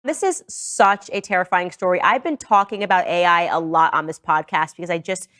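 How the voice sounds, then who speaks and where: A woman's voice: fairly low pitch, a little fast, a bit bright. A woman hosting a podcast, giving earnest and urgent commentary that warns her listeners. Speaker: podcast host. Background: played in a reaction video.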